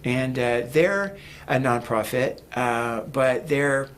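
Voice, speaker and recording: A man's voice: medium pitch, slow, fairly bright tone. A man talking as a guest in a casual interview, rambling with many fillers and restarts. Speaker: guest, music producer.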